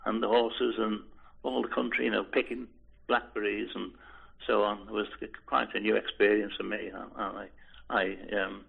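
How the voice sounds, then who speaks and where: An older man from Liverpool reminiscing in an interview, speaking in a halting, hesitant way with many restarts and repeated words. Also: fairly low pitch, flat delivery, gravelly, husky. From Liverpool, England. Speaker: oral history interviewee. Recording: tinny phone-like lo-fi recording.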